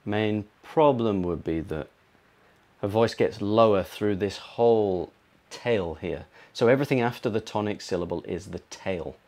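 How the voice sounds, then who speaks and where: Low-voiced british guy teaching english sounds, says words over and over. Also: a little mellow. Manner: explains slowly, repeats and models words. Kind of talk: pronunciation lesson.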